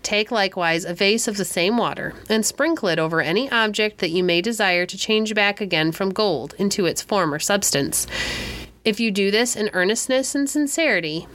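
A woman's voice: mid-range voice, expressive, moderate pace, fairly bright tone, close to an everyday voice. A woman reading the lines of a smiling, mysterious stranger in a storybook, asking questions in a slightly raised voice. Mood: solemn. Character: smiling mysterious male stranger, calm and testing.

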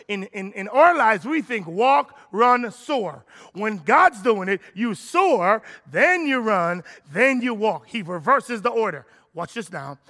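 A man preaching a sermon as pastor, animated and full of repeated phrases. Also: high voice, measured pace.

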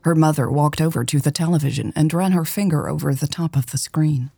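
A woman hosting a romance podcast and reading a story in a calm, measured way. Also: low voice, gravelly, breathy edge, no room sound, clean studio sound. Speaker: podcast host and narrator. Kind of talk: audiobook story narration.

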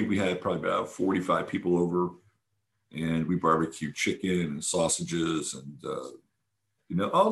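A man with a deep, slightly bright voice hosts a podcast, chatting eagerly about a weekend event. His casual monologue is full of fillers and restarts.

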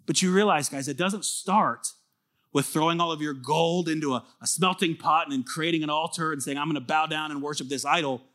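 Young guy pastor preaching, chatty and animated, kinda high bright voice. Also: fairly quick. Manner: animated, conversational, acts out quoted voices. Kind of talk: sermon.

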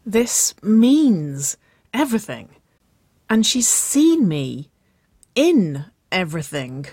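A reader voicing a shy, lovestruck young woman who speaks softly and sheepishly, with a whiny edge. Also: medium pitch, very animated, takes it slowly, dry recording, clean studio sound, pitched above the performer's own voice. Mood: grumbling.

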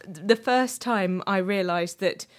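A woman's voice: medium pitch, takes it slowly. Wry woman making dry asides. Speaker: podcast co-host. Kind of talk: casual fan chat.

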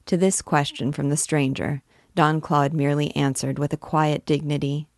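A woman reading a classic novel aloud in a measured, deliberate way, as a teacher guiding listeners through the book. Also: sits low, little pitch movement, dry recording, clean studio sound.

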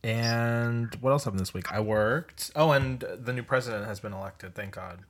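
A man co-hosting a casual podcast chat, low-key with short replies. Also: moderate pace. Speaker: podcast co-host.

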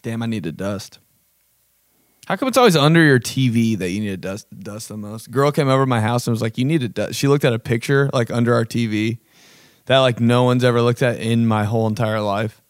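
Man host, casual profane comic rambling, dry close sound, everyday pitch. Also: brisk, dry recording. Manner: rambling, profane, joking, fond of bro and dude. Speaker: vlog host. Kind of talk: casual comedic rant.

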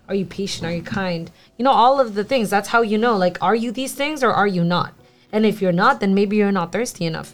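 A young woman whose first language is Spanish, talking earnestly in a casual Bible discussion and sometimes searching for English words. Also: medium pitch. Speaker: church youth group member.

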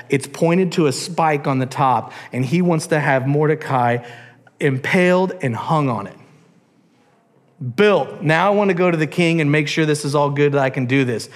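A man preaching a sermon as a pastor, telling a story animatedly and acting out its characters. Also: on the high side. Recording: long church hall reverb.

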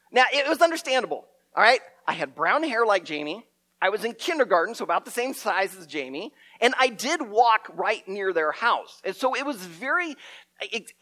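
A middle-aged man telling a story as a preacher, animated and often repeating his words. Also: high voice. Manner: lively storyteller, acts out shouted quotes, stumbles and repeats words.

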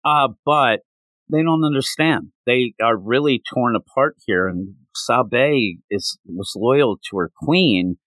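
A man hosting a podcast, recapping a comic in casual, rambling, animated chat with lots of filler words. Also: medium pitch, slow, dry recording. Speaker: podcast host.

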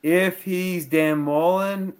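Male co-host, sports talk, heated and argumentative, unhurried delivery. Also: high voice, fairly even intonation, clean tone. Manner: fired up, argumentative, talks over others. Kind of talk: casual sports podcast chat.

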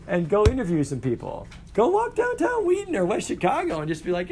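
A middle-aged male teacher lecturing his class in an animated way, often putting questions to the students. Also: high-pitched, fairly quick, few pauses, a little hiss or hum.

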